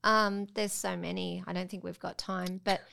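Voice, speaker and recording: Animated storytelling mum, gravelly edge. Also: female voice, on the low side, moderate pace. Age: middle-aged. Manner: animated storytelling, acting out her daughter's voice. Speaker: guest mum. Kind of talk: casual family chat.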